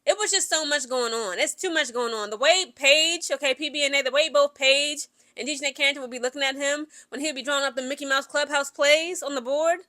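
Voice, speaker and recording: A woman's voice: high-pitched, a little fast, hardly any pauses, pushed and bright. A woman giving casual, opinionated sports gossip commentary to her viewers, chatty and emphatic, often tossing in "okay?". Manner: chatty, keeps asking "okay?" and addresses viewers directly.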